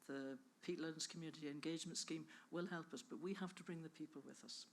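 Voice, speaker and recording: A woman's voice: low voice, quick pace. An Irish woman giving an enthusiastic, chatty conference presentation about a bog conservation project, often interrupting herself. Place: conference hall.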